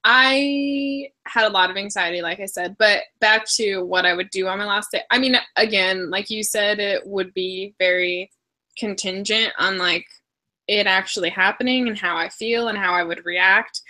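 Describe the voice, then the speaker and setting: A woman's voice: medium pitch, moderate pace, pushed and bright. A woman hosting a casual book discussion over a video call, chatty and laughing often. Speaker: book club host.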